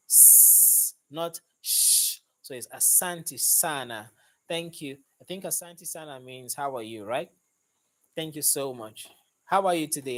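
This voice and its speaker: A man with a slightly raised voice hosts a casual live stream about cars. He sounds upbeat and chatty as he welcomes viewers by name, talking into a phone he holds in one hand. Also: a little high. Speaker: mechanic hosting a live stream. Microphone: phone held in hand.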